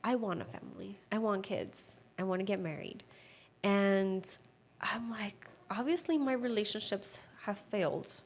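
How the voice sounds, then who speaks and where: A woman in her thirties giving a personal testimony as a podcast guest, earnest and heartfelt, with lots of "like" fillers and a hushed voice at tender moments. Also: mid-range voice, measured pace. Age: 30s. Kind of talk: personal testimony in casual conversation.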